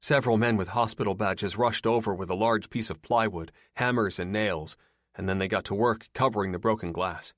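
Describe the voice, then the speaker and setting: Man, first-person audiobook narrator, lowish voice, steady plain read, dry. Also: brisk, dry recording.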